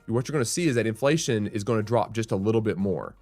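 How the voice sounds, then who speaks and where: A man's voice: on the low side, fast, a little mellow, dry recording, faint music behind. A man hosting a real estate show, explaining market news in a conversational, thinking-aloud way with restarts and frequent "right?" asides.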